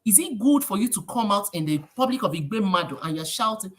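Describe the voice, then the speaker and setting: Animated Nigerian woman giving advice. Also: medium pitch, moderate pace. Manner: animated, preachy, mixes in Pidgin phrases. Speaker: livestream host. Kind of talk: casual livestream talk.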